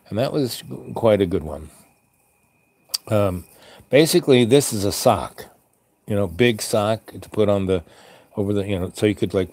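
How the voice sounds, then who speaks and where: A man in a Santa-style role rambling through a casual story, full of ums and restarts, jumping into squeaky voices for the people he quotes. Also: mellow, dry recording. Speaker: vlogger playing a Santa character.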